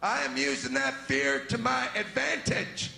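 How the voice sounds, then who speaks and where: A man doing a stand-up routine, animated and shouting his punchlines. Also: high voice, measured pace, vocal fry, slight background noise. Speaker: stand-up comedian. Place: comedy club stage. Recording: echoey club recording with loud crowd.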